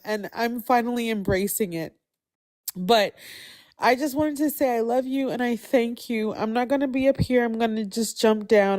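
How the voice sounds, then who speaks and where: A woman's voice: a little high, darkish tone. Emotional woman thanking a live stream host. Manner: emotional, grateful, rambling with many restarts. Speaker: guest speaking on a live stream. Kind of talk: heartfelt casual chat.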